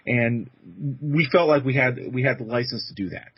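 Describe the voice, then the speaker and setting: Male podcast guest, quick and rambling, husky, dry lo-fi sound. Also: medium pitch, no echo. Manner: quick, rambling, many restarts. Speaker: podcast guest, convention interviewer. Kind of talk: casual chat.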